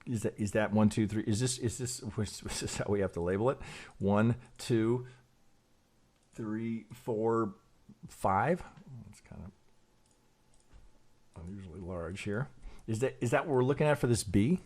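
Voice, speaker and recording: A man's voice: on the low side, measured pace, pauses often, darkish tone. A man teaching trading who thinks aloud while charting, hesitant and self-questioning, often repeating words and tagging lines with "right?". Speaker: trading educator.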